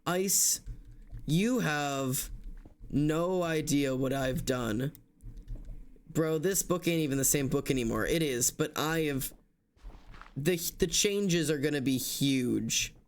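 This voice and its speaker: A man's voice: on the high side, slow. A young man streaming, exhausted and yawning, talking casually and apologetically to his chat.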